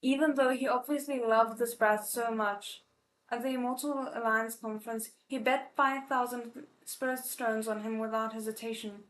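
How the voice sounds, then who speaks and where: A woman reading a novel aloud live, expressive, with emotional asides between passages. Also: fairly high pitch, moderate pace. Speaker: audiobook reader. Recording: echoey room.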